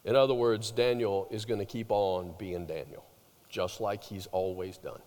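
A man preaching a sermon, telling the story with animated swings between loud emphasis and hushed, drawn-out words. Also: lowish voice, in a large hall. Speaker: pastor.

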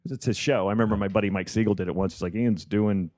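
Storytelling man, low voice. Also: very fast. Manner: animated storyteller, swears freely, acts out quotes. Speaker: comedian podcast host. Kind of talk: casual storytelling chat.

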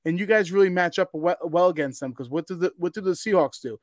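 A man in casual sports chat, pushing his argument hard and tripping over restarts. His voice sits a bit high. The sound is dry and close. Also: fast, few pauses, no echo. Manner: excitable, argumentative, stammering restarts. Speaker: podcast co-host.

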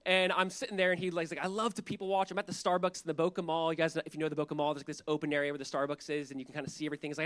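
High-voiced man preaching a lively sermon. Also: very fast. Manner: animated, acts out voices in anecdotes. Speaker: pastor. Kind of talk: sermon with storytelling.

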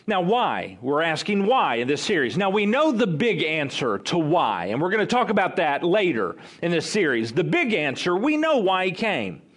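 Animated, higher-voiced male pastor preaching. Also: normal speed, hardly any pauses. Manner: conversational, animated storytelling with acted-out quotes. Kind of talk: sermon.

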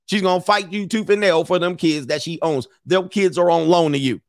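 A man's voice: high-pitched, brisk, dry recording. Blunt, lecturing man, dry close sound. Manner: blunt, lecturing, repeats phrases for emphasis. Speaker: commentator host. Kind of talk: opinionated commentary.

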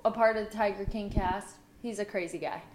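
A woman's voice: medium pitch, steady tone, fairly quick, a little mellow. A young woman co-hosting a podcast, giving short matter-of-fact answers in casual chat. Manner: brief, matter-of-fact replies. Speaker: podcast co-host.

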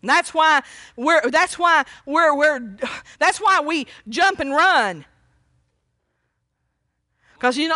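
High bright fervent woman preacher. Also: lively intonation, takes it slowly, long pauses, dry recording, clean studio sound. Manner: fervent, folksy, exclaims praise often; rises to shouting when quoting cries for mercy. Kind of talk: sermon.

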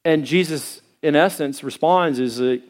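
A middle-aged man preaching a sermon as a pastor, telling stories in a conversational way with many fillers and hesitations. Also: measured pace. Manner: acts out quoted voices in a higher pitch.

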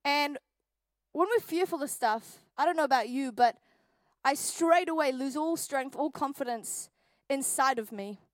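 A young woman, preaching a church sermon and telling a funny personal story with animated, jokey delivery. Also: high voice, measured pace, no room sound. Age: 20s. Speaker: youth pastor. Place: church hall.

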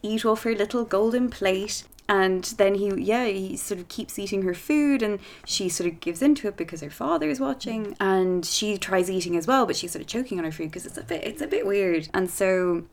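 A woman's voice: medium pitch, animated, normal speed, hardly any pauses. A woman reading a fairy tale aloud in a casual way, with playful asides and laughs. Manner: chatty, laughs between lines, playful asides.

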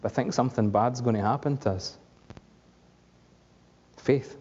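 A man's voice: medium pitch, a little slow, darkish tone, husky. A man preaching a conversational sermon, asking the congregation questions along the way. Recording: dull lo-fi recording with long hall reverb.

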